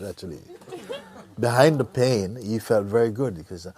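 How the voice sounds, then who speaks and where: A man giving a spiritual talk to a gathering, telling a story in a slow, playful way and acting out characters with gasps and laughter. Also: fairly low pitch, expressive, dark tone. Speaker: spiritual teacher.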